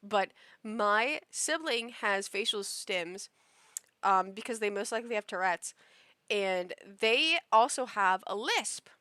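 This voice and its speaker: A woman's voice: mid-range voice, lively intonation, takes it slowly, sharp tone, no room sound. A young adult woman live streaming a game, chatting casually and telling a rambling story full of "like" fillers into a desk mic. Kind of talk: casual stream chat while gaming.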